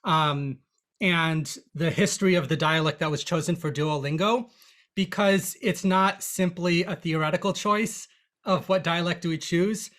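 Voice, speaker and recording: A language teacher giving a lecture in a chatty, animated way, with frequent restarts. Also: medium pitch, measured pace. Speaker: Yiddish teacher. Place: online lecture.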